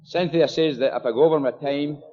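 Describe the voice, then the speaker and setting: This older man, Scottish with a Glasgow-area accent, shares his personal recovery story at an AA meeting, chatty and joking with many fillers and digressions. His voice sits on the high side and moves fairly quickly. The live recording is dull, in a hall with a long echo and an audience.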